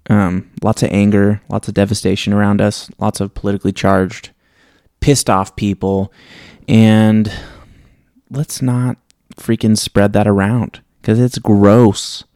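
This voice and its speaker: A podcast host with a lowish, mellow voice reads aloud a story from his own life, wry and reflective, and finishes with a casual sign-off. The recording is dry and clean, studio quality.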